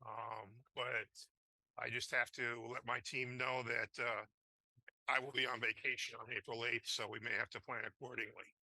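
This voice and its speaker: Man, traffic engineer at a board meeting, hoarse, gravelly, sharp bright tone, dry close sound, halting. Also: medium pitch, level tone, no room sound, rough recording. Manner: halting, many fillers and restarts. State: losing his voice. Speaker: traffic engineer presenting a study. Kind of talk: public meeting presentation.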